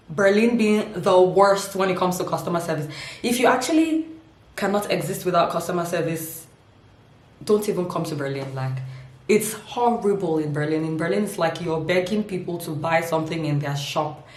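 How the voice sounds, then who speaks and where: Woman vlogger, lower voice, teasing and animated, laughs through her points; echoey home room. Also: normal speed. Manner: playful, laughs often, dramatic emphasis. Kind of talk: humorous casual vlog.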